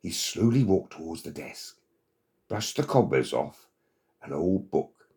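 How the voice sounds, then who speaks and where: A man narrating a children's story in an expressive, dramatic manner. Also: low-pitched, unhurried.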